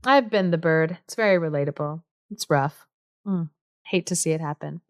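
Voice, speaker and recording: Chatty woman with a smooth, dry voice. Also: low-pitched, moderate pace, no room sound. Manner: chatty, amused, lots of fillers. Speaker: podcast co-host, storyteller. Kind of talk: casual storytelling chat.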